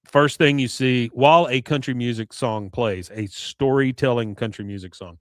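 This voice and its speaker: A man, a podcast co-host, recapping an episode in a rambling, casual way; his voice is going hoarse and he keeps clearing his throat. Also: mid-range voice, normal speed, dry recording, studio quality.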